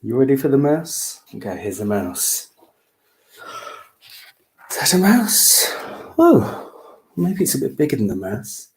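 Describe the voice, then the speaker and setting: A man's voice: mid-range voice, very animated, measured pace, long pauses. A man reading a picture book aloud at storytime, playful and asking the children questions.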